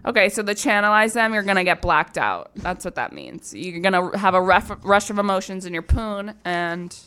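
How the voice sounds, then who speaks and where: Young woman, podcast co-host, blunt, brash, bouncy lively intonation. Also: medium pitch, moderate pace, clear, resonant tone. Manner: blunt, brash, cackles while joking. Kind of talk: crude comedic casual chat.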